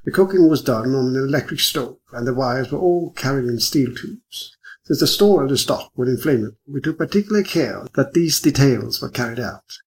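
A man voicing an eager middle-aged English gentleman who speaks firmly and insistently. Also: mid-range voice, lively intonation, moderate pace, close to an everyday voice, low-quality recording. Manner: firm, insistent.

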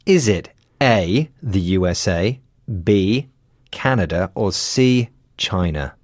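Low-voiced male radio host. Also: animated, no echo. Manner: clear, measured, teacherly. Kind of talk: scripted educational radio presenting. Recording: dry studio sound.

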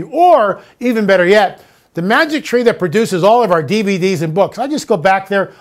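A man's voice: sits high, animated, moderate pace. A man hosting a talk show monologue, speaking emphatically and repeating phrases for effect. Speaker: host.

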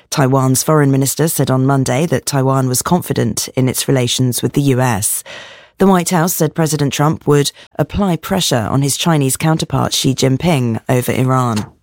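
A newsreader reading a world news bulletin in a steady, formal delivery. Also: medium pitch, no echo, studio quality.

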